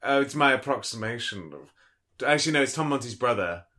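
A man's voice: mid-range voice, animated, a little fast, bright, forceful tone, slight background noise. A man chatting casually on a podcast, rambling, restarting and joking. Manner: rambling, self-interrupting, joking. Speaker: podcast guest. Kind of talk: casual chat.

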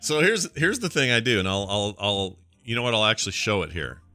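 A man co-hosting a morning podcast, chatting casually and laughing at himself. His voice is bright and forward, and his pitch moves up and down a lot. The sound is dry and close, with faint music underneath. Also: a little fast, no echo. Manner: animated, self-deprecating, laughs often. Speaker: podcast co-host. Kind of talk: casual chat.

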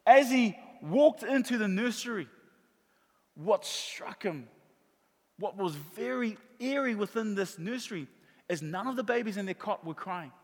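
A man's voice: high voice, lively intonation, measured pace. A middle-aged man preaching a sermon, telling stories and stressing his points by repeating them. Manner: warm storytelling with emphatic repetition. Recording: long reverb of a large hall.

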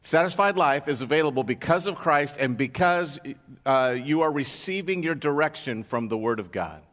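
A man's voice: fairly high pitch, expressive, normal speed, a bit bright. A man preaching a sermon as pastor, telling a story and asking the congregation rhetorical questions. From United States. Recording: long hall reverb.

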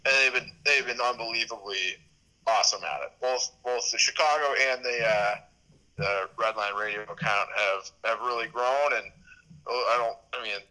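A man's voice: mid-range voice, moderate pace, sharp tone, poor audio. A man in his thirties chatting as a podcast guest, rambling with restarts and fillers. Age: 30s. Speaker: podcast guest, sports media host. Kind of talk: casual interview chat.

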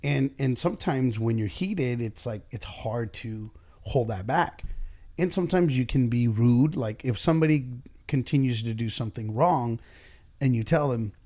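A man's voice: mid-range voice, moderate pace, dark tone. A man who runs his own business, talking casually and bluntly in a podcast chat, swearing freely and acting out bits of dialogue. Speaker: business owner and boss.

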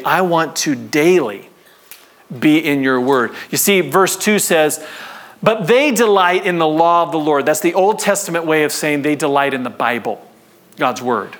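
A man preaching a sermon to his congregation in a church, conversational and animated, with call-and-response. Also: fairly high pitch, moderate pace. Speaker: pastor.

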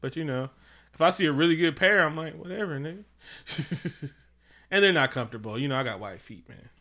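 A man co-hosting a casual comedic chat at home, animated and profane, often slipping into mocking quoted voices. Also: a little high, fairly quick. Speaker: podcast co-host.

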